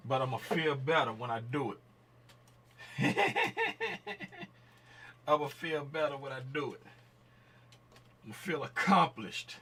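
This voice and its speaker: A man hosting a trading livestream in casual chat, joking around and shouting out viewers in chat by name. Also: mid-range voice, wildly swooping pitch, takes it slowly, long pauses, husky.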